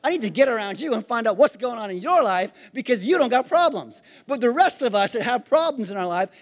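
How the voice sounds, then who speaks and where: A male pastor preaching a sermon to his congregation, swinging between shouted praise and easy conversational asides. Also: very high voice, animated, a little fast, hardly any pauses. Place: church sanctuary. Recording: long hall reverb.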